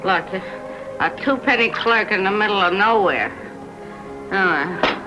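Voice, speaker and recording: An actress playing a lonely, drunken wife who slurs and swings between sneering and sobbing, in a 1970s film drama. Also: female voice, medium pitch, a little slow, over music, close to an everyday voice. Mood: bitter. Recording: dull lo-fi film soundtrack with score.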